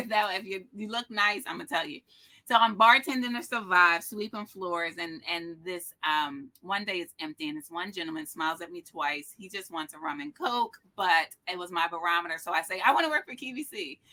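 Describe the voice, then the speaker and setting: A woman's voice: lowish voice, normal speed, pushed and bright. A middle-aged woman speaking as a motivational speaker, telling a personal story with energy and expression, acting out the dialogue.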